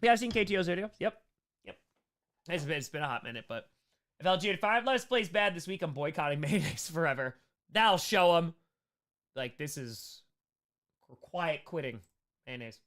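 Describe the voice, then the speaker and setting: A young man with a New York accent chatting casually and quickly while answering viewer questions on a live stream, playful and animated. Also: fairly high pitch. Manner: fast, animated, playful, reads chat aloud.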